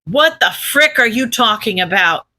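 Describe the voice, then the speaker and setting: A woman voicing a hot-tempered, foul-mouthed teenage boy who yells scornful insults. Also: fairly high pitch, lively intonation, measured pace.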